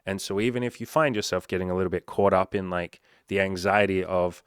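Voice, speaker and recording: A man's voice: low-pitched, steady tone, brisk, smooth, no room sound, clean studio sound. A man talking as a dating coach in a casual, blunt monologue full of swearing. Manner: blunt and profane, conversational.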